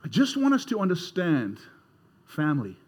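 High-voiced man preaching emphatically. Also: wildly swooping pitch, normal speed, breathy edge. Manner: emphatic, conversational preaching with repetitions. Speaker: pastor. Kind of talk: sermon.

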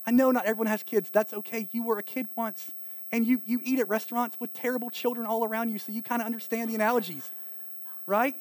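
A man from eastern North Carolina with a local accent, preaching a sermon in a conversational way, with lively asides and acted-out quotes. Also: extremely high pitch, fast talker, no echo. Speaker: pastor.

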